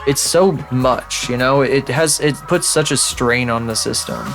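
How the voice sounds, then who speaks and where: A man talks casually into a desk microphone at his home streaming setup, rambling and self-deprecating as he scolds his own programs. His voice sits at an ordinary middle pitch. Soft music plays faintly underneath. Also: measured pace. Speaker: live streamer. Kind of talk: casual live-stream chat.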